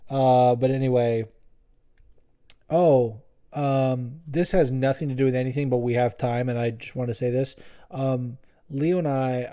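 A man's voice: mid-range voice, mellow. A young man hosting a podcast, chatting in a rambling, profane, joking way. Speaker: podcast host. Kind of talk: casual podcast chat.

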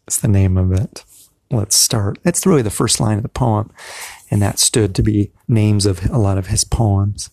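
A man hosting a show, chatting in rambling, self-correcting asides and reading poems aloud slowly, building to loud cries. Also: fairly low pitch, creaky, dry recording, clean studio sound. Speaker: podcast host reciting poetry. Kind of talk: casual chat and dramatic poetry reading.

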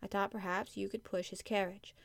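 A woman's voice: mid-range voice, little pitch movement, brisk, gravelly, dry recording, lightly acted. A woman reading an audiobook, voicing an eager, earnest young girl with a raised voice.

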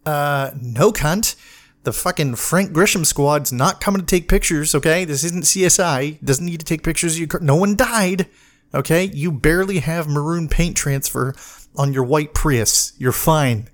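A man's voice: fairly high pitch, moderate pace. A man ranting in a casual podcast monologue, swearing freely and exasperated, sometimes mocking other people in put-on voices. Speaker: podcast host, medic.

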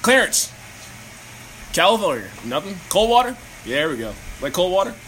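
A young man hosting a casual podcast, joking loudly, swearing a lot and laughing often. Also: high voice, very animated, normal speed, crowd noise, poor audio. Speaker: podcast host. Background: music playing.

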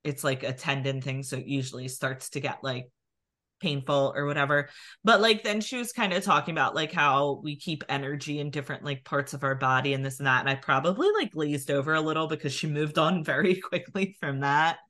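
A woman with a Philadelphia accent tells a long personal story on a podcast, dropping "like" into almost every phrase. Her voice sits low yet sounds crisp and bright. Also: a little fast. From New Jersey near Philadelphia. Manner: chatty storytelling, many "like" fillers. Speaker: podcast co-host. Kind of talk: casual chat.

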